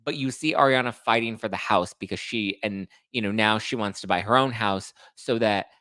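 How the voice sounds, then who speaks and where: A man hosting a live stream and recapping reality TV in a fast, chatty, sassy way, throwing shade. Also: fairly low pitch, pushed and bright, no room sound, clean studio sound. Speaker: podcast host recapping reality TV.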